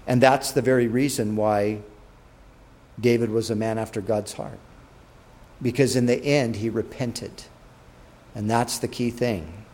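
A man preaching, retelling a Bible story with animated delivery and acted-out quotes. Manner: animated, acts out quotes with rising and dropping pitch. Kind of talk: sermon storytelling.

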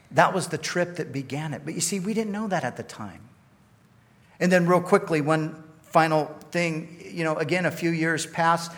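Male pastor, storytelling sermon, conversational and self-deprecating, slightly high-pitched. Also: a bit bright.

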